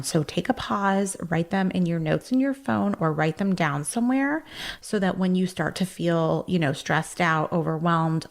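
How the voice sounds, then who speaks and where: A woman hosting a self-help podcast, talking in an earnest, encouraging way with frequent fillers and asides. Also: lowish voice. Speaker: podcast host.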